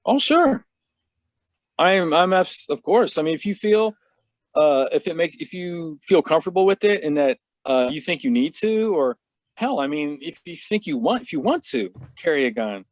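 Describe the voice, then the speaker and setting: A man's voice: on the high side, lively intonation, moderate pace, no room sound. Frank, easygoing man with a dry voice. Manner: laid-back, frank, laughs at himself, swears casually. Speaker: podcast guest, martial artist. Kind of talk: casual podcast chat.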